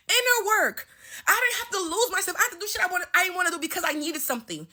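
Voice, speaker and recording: A woman's voice: very high voice, quick pace, sharp tone. A woman in her twenties telling a heated, profane story-time rant at home, stuttering as she talks. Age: 20s. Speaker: vlogger. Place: home bathroom, indoors.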